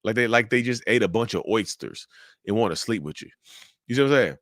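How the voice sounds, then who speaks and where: A man giving casual, animated commentary to his viewers, repeating his points and calling them y'all. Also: lowish voice, fairly quick, no echo, studio quality. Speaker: mental health commentator.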